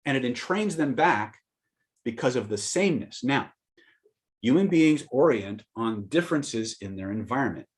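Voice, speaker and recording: A man teaching persuasion in a conversational seminar style, telling stories and acting out quoted lines with sudden loud outbursts. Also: medium pitch, expressive, normal speed. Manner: conversational, with restarts and asides to listeners. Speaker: persuasion trainer. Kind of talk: live seminar storytelling and teaching.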